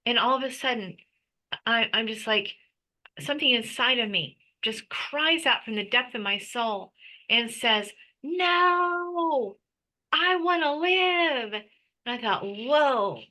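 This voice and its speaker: A middle-aged woman tells her personal story in an interview, her voice high-pitched and sharply bright. She talks with raw intensity, stumbling and restarting as the words tumble out. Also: measured pace, poor audio. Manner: intense, frequent restarts and stammers. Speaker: interview guest. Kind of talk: emotional personal testimony.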